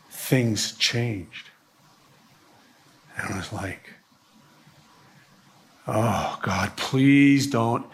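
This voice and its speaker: A man preaching a first-person dramatic monologue as a resentful, self-pitying male biblical prophet, dramatic, swinging from hushed pleading to shouting. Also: mid-range voice.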